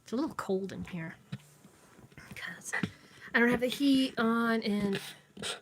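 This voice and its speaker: A woman's voice: a little high, unhurried, slight background noise. A young woman chatting casually with viewers from her home, rambling and losing her train of thought, recorded on a phone camera. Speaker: vlogger. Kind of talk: casual live chat with viewers. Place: inside a dim home.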